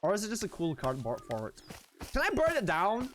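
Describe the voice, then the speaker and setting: A high-pitched man streams a game live, his voice leaping up and down as he chatters to his viewers. He talks excitably and swears without a second thought. A faint hiss of noise sits under his voice. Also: a little fast. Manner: animated, excitable, swears freely, talks to chat. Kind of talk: casual live-stream chatter while gaming.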